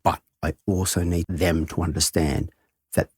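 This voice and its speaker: A man's voice: sits low, steady tone, normal speed, a little mellow, slightly rough, dry recording, clean studio sound. A middle-aged man, a head of school and podcast guest, tells an earnest, heartfelt story and reflects on it.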